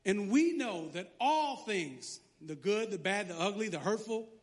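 A man pastor preaching a lively sermon, joking and sarcastic between scripture readings. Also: sits high, unhurried.

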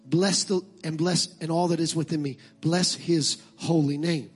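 A man preaching a sermon as pastor, swinging from impassioned shouted calls to relaxed conversational asides. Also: on the high side, unhurried, husky, soft background music.

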